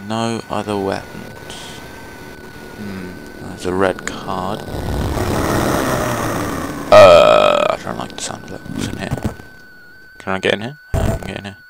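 A man's voice: low-pitched, huge pitch swings, measured pace, vocal fry, pauses often. A young man chatting casually as he plays a game, rambling with fillers and swearing at enemies. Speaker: gaming channel host. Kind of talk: casual let's play commentary. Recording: noisy home recording.

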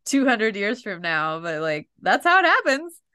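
A woman's voice: mid-range voice, very animated, moderate pace, bright, forceful tone, no room sound, studio quality. A middle-aged woman and flutist telling wry, self-deprecating stories in a casual podcast chat.

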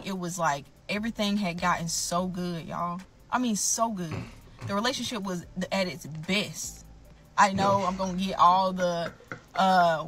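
A woman's voice: mid-range voice, bright, forceful tone. A woman telling her own story to camera, blunt and emphatic, often calling out to her viewers.

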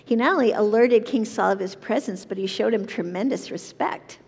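A woman leading a Bible study, reading verses aloud and explaining them in an earnest, measured way. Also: medium pitch, darkish tone, breathy edge, long reverb tail. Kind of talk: reading and teaching scripture.

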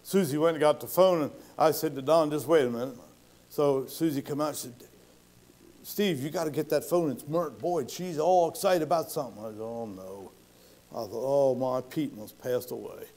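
A man's voice: fairly high pitch, moderate pace, a little mellow. A male pastor telling stories in a folksy sermon style, acting out the people he quotes. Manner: folksy, acts out quoted voices with rising intensity. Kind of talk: sermon storytelling.

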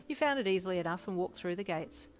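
A woman reading a second-person fanfiction story aloud in an even storytelling manner. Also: on the low side, fast, soft background music. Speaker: fanfic reader.

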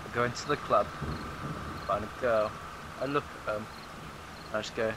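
A man's voice: on the low side, normal speed, long pauses, heavy background noise. A man chatting with a friend while gaming, laid-back and telling silly jokes, on a headset mic. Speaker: let's play co-host. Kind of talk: casual gaming banter.

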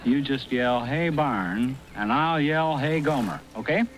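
A man's voice: mid-range voice, a little slow, natural voice. An actor playing a patient, bossy small-town man giving instructions, from a noisy old TV clip.

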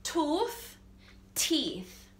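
A woman with a Jamaican accent teaching a language lesson, saying words slowly and repeating them for practice. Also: high voice, huge pitch swings, a little hiss or hum. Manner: slow, repeats words for drilling.

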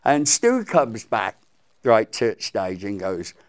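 A man's voice: fairly low pitch, takes it slowly. An older man from England telling stories from his career as a musician in an interview, acting out the quotes. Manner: animated storyteller, acts out quotes. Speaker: guest musician. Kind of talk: storytelling interview.

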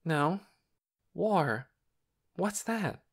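A man voicing an earnest, determined young girl in an audiobook, blunt and quick to protest. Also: a little high, animated, slightly rough, voice pushed up, heavily acted. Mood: curious. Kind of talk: audiobook character reading.

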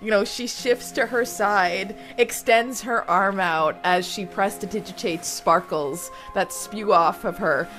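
A woman's voice: medium pitch, unhurried, hardly any pauses, a bit bright, soft background music. A woman player describing her character's actions in a tabletop game, giggly and descriptive. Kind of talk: tabletop role-play narration.

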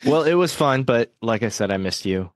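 A man's voice: medium pitch, animated, moderate pace, dry recording, studio quality. A man hosting a podcast in casual chat, friendly and joking with his co-host.

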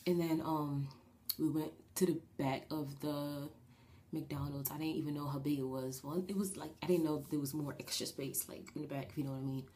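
A woman's voice: low-pitched, steady tone, fairly quick, noisy background. A young woman with a New Jersey accent, telling a story in a casual vlog, rambling with lots of fillers and restarts. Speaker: vlogger.

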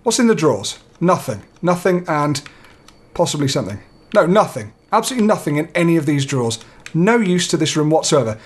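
Playing a horror game, this young gamer speaks fairly quickly in a sing-song voice on the high side. He's nervous, coaching himself through the fright and swearing occasionally in his let's play.

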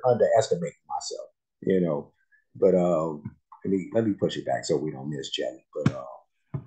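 A man hosting a music reaction video, talking softly and haltingly as he thinks aloud. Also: rumbling low, rough recording. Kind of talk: casual reaction commentary.

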